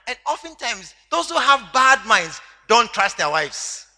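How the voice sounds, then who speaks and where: High bright-voiced preacher in a hall. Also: male voice, measured pace. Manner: animated, teasing, laughs with the congregation. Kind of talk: sermon. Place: church hall. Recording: long hall reverb.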